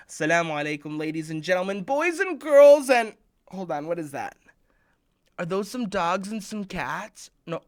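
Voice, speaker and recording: A young man hosts a children's sermon, sliding between stories and jokes in an easy, conversational tone. His pitch rises and falls a lot as he acts things out. He keeps things playful throughout. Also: moderate pace. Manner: animated, joking, conversational. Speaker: children's khutbah presenter. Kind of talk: playful storytelling sermon for kids.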